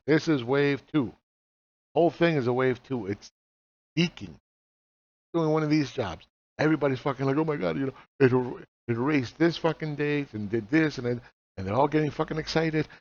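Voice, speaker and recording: This man in his forties has a voice on the high side, with no echo, as he casually teaches how to read charts. He's blunt and swears, rattling off rhetorical questions; the lo-fi audio is slightly dull.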